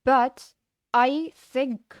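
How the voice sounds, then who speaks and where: A young adult woman with a high, steady voice and a German-sounding non-native English accent talks extremely slowly, with no room sound at all. She's chatting casually with her live-stream viewers, rambling and restarting often.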